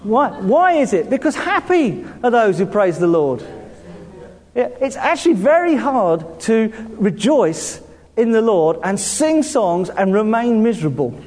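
A man with a southern English accent delivers a sermon. His voice sits high and swings widely as he laughs and calls out to the congregation. A long church-hall reverb trails behind every phrase. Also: a little slow. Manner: lively, laughing often, calling out to the congregation. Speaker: pastor.

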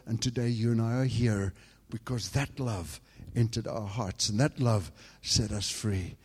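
A man from England preaching a sermon, telling a personal story and swinging between hushed, quiet passages and loud, fervent outbursts. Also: medium pitch, husky, long reverb tail.

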